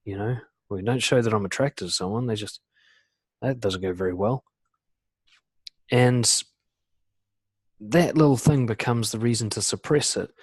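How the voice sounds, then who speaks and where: A man coaching in a casual webinar talk, full of "you know" and "like", acting out quoted lines in lively voices. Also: medium pitch, slightly rough, no room sound. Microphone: computer mic on a video call.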